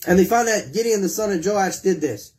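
A man with a high voice preaches a sermon. He retells scripture in his own words and keeps turning to ask his listeners questions. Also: animated, brisk, a little mellow.

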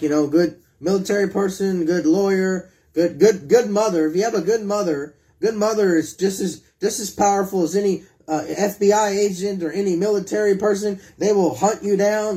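In a warm, high voice, the man delivers a sermon, paraphrasing scripture and keeps turning to put questions to his listeners.

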